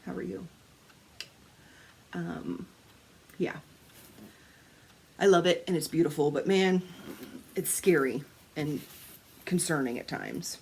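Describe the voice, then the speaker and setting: A woman's voice: lowish voice, slow, creaky, pauses often, slight background noise. A woman, chatting casually to camera as a crafting vlogger, telling stories with laughs, swearing and acted-out quotes. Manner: animated storytelling, swearing, laughing, acting out quotes.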